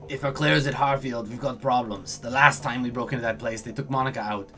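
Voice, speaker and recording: A man's voice: medium pitch, fairly even intonation, fairly quick, pushed and bright. A man takes on a hard-bitten woman who leads a crew in a cyberpunk game. She speaks bluntly and firmly, in an ordinary middle register. Faint music plays behind her. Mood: grim. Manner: blunt and firm. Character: tough, grim woman shadowrunner leader.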